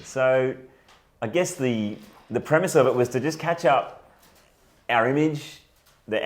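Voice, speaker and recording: A man co-hosting a casual chat, energetic and growing louder when he gets enthused. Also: medium pitch. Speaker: co-host, trainer.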